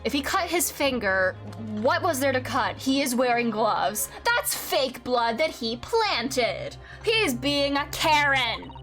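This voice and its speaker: A woman's voice: high-pitched, big pitch swings, slow, hardly any pauses, fairly bright tone. A woman streaming a video game, chatting casually, laughing often and swearing freely. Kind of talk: casual gameplay commentary. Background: faint game music.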